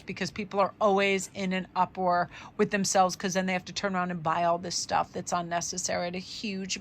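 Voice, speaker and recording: A tarot reader does a casual vlog, chatty and upbeat as she rambles with fillers through affirmations. Her mid-range voice has a fairly bright tone but is getting a little tired.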